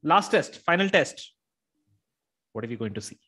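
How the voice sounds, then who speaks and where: A man co-hosting a podcast, speaking haltingly as he searches for his words. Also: on the high side, very animated, bright, forceful tone, breathy edge. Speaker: podcast co-host. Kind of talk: casual chat.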